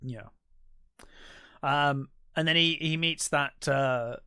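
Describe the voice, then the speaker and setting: Bright, dry-voiced man recapping a film. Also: a little high, clear, resonant tone, no room sound. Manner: retells scenes with quick acted-out quotes, swears casually. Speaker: podcast co-host. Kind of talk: casual film recap chat.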